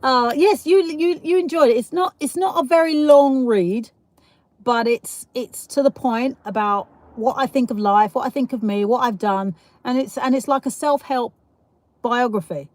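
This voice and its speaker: A woman's voice: high-pitched, normal speed, darkish tone, dry recording. South east london lady rambling on her livestream, laughs a lot, dry close sound. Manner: chatty, laughs often, rambling asides. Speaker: livestream host. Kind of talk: casual live chat reading comments.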